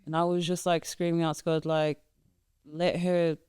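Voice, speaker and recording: A young woman talking as a guest in a casual podcast conversation, halting, with many fillers and restarts. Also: deep voice, flat delivery, darkish tone, smooth, dry recording, studio quality. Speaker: guest, mother of three.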